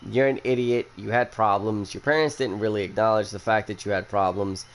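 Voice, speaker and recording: A man's voice: lowish voice, steady tone, a little fast. A young man hosting a casual chat, who rambles bluntly and swears a lot after a few drinks. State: has been drinking. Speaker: podcast host.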